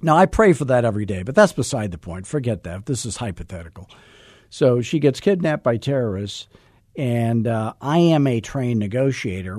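A middle-aged man coaching real estate agents in a salesy, joking, energetic way. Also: mid-range voice, dry recording, studio quality. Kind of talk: coaching podcast talk.

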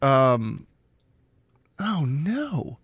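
A man's voice: mid-range voice, huge pitch swings, extremely slow, breathy edge, no echo. A man co-hosting a podcast, talking in a casual, joking way and laughing often. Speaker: podcast co-host. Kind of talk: casual comedic chat.

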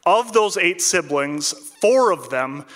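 A man from central Minnesota, telling a personal story to an audience with a wry, deadpan comic delivery. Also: sits high, slow, in a large hall. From central Minnesota, United States.

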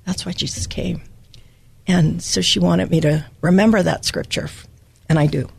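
A woman's voice: lowish voice, fairly even intonation, moderate pace, creaky, a little mellow, husky. An older woman from Hawaii giving a personal, emotional devotional Bible teaching as a podcast host.

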